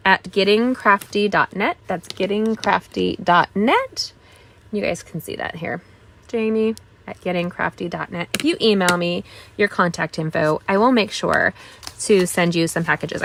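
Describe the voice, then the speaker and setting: A woman's voice: mid-range voice, fairly bright tone. A middle-aged woman hosting a live craft stream, chatting casually, greeting viewers and showing supplies with enthusiastic asides. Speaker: craft channel host.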